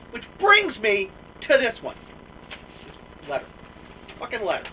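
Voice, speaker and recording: A man's voice: medium pitch, measured pace, long pauses, slight background noise. A man delivering a profane, exasperated political rant on a vlog, recorded with a muffled, phone-like sound from a distance. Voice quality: profane, animated, exasperated ranting. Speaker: vlogger.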